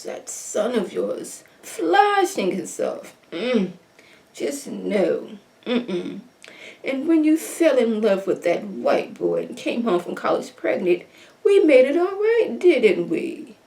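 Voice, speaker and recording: A woman voicing a haughty, bougie older mother who talks in hushed, drawn-out, disapproving murmurs. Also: medium pitch, huge pitch swings, vocal fry, recorded from a distance, exaggerated voice. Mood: disdainful.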